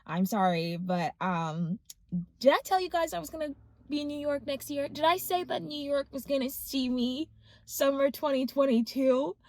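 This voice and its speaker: A woman in her twenties, a law student, talking to her phone's front camera in a rambling, excited vlog full of fillers. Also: high-pitched, normal speed, no room sound. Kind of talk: casual vlog chat.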